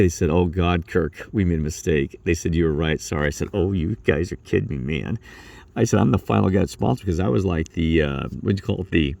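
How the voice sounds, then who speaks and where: A man telling a rambling work story in casual talk, acting out his coworkers' lines in a higher voice. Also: mellow, no echo. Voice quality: low gravelly voice. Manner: rambling, acts out coworkers' lines with raised pitch.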